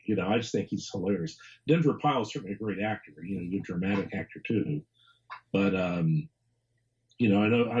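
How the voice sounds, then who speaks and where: Mellow-voiced man, rambling interview guest. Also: lowish voice, highs cut off. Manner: rambling, repeats words, chuckles often. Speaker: author and historian guest. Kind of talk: casual interview conversation.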